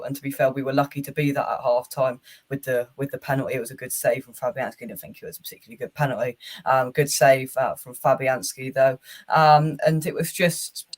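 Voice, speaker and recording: Frank, weary man breaking down football. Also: medium pitch. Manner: frank, weary match analysis with many fillers and restarts. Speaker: host. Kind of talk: casual football chat.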